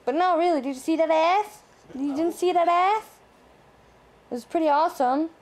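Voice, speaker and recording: A woman's voice: very high-pitched, normal speed. A woman vlogger chatting casually at home, playfully cooing at and teasing her cat. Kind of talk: casual home video chat.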